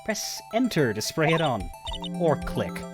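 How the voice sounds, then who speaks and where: Low-voiced woman streaming a game, chill rambly commentary, game music playing. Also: unhurried. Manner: relaxed, rambling asides with fillers. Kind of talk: live game playthrough commentary.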